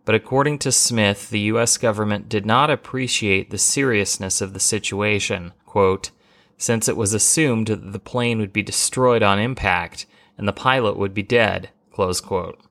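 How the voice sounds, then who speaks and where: A man hosting a history podcast, reading a scripted narration in a measured way, with the odd wry aside. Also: on the low side, a bit bright.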